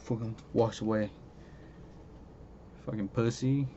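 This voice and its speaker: Slow and warm in tone, with a lowish voice and fairly even intonation, this vlogger profanely tears into a show he can't stand, tossing in "okay?" for emphasis. Faint ambient noise sits under the dull, lo-fi audio.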